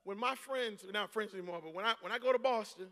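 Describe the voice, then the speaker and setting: A pastor in his forties preaching a sermon, telling a story and rising into shouts and laughter. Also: sits high, quick pace. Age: 40s. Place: large church hall. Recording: long hall reverb.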